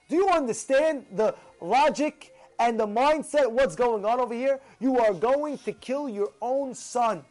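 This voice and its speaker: High-pitched, animated male rabbi. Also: unhurried, faint music behind. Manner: animated, acts out excited voices, gasps, rhetorical questions. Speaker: rabbi teaching a Torah class. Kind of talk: animated Torah class.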